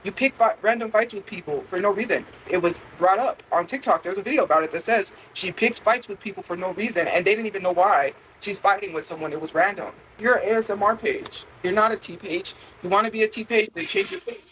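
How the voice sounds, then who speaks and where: A woman's voice: mid-range voice, quick pace, few pauses, fairly bright tone, low-quality recording. Woman streamer going off at chat, defensive, repeats herself, a bit of background noise. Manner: defensive, repetitive, talks straight to chat. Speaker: livestreamer. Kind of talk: livestream rant.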